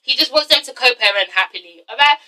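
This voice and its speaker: Sassy, high-voiced woman ranting a review. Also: quick pace, recorded from a distance, poor audio. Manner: animated, sassy, swears a lot, mimics people. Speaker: vlogger reviewing a reality show.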